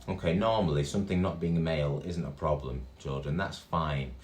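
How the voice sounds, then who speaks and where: A man reading a story aloud to children, animated and full of gasps and exclamations. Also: extremely low pitch, a little fast. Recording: echoey room with faint guitar.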